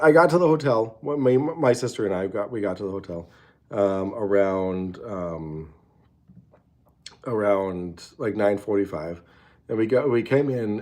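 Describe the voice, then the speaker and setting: A man's voice: lowish voice, darkish tone. A man hosting a casual late-night livestream from a hotel room, rambling and swearing with many restarts. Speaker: show host.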